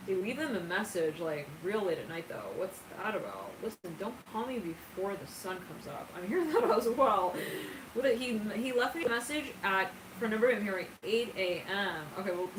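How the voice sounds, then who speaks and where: Woman tarot reader, chatty and giggly, channeling; mid-pitched, heard from off-mic in a noisy, echoey room. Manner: chatty and giggly, with frequent asides. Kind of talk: casual channeled tarot reading. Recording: roomy, distant mic with background noise.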